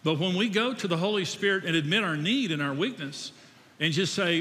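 A man's voice: high voice, expressive, brisk, bright, forceful tone. An older man preaching a sermon in a conversational way, asking his audience questions and joking about himself. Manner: conversational, asks the audience questions, self-deprecating. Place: church hall. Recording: echoey hall.

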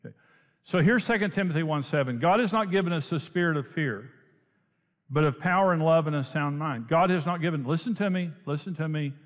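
A man preaching a sermon, telling a story in an animated way and laughing often. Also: fairly high pitch, fairly quick. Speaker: pastor. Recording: long hall reverb.

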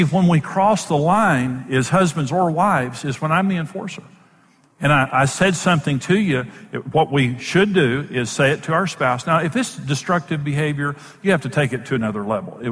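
A man's voice: fairly high pitch, a bit bright, breathy edge, big-room sound. A man who is a Bible teacher and program host, giving an emphatic, plain-spoken sermon-style teaching in numbered points.

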